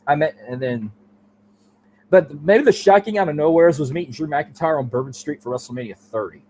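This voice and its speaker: A man guesting on a podcast interview, telling loose, animated stories with casual swearing. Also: fairly high pitch, a little fast, a little hiss or hum. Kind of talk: casual chat.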